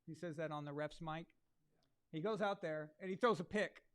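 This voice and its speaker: A man's voice: on the high side, steady tone, fairly quick, fairly bright tone. A man hosting a live sports watch-along, talking casually with crude, sarcastic asides. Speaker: live sports show host.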